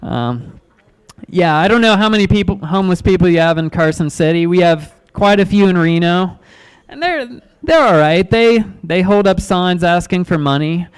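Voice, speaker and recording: High-voiced awkward stand-up comedian man. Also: lively intonation, smooth, rough recording. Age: 30s. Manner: awkward, self-deprecating, halting with ums and restarts. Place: comedy club stage.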